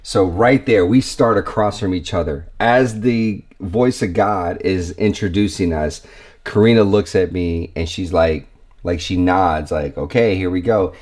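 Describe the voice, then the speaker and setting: A man's voice: deep voice, a little slow. A man hosting his own video, chatting casually and animatedly as he watches old footage, acting out what others said. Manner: animated, acts out quotes of others. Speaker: vlog host.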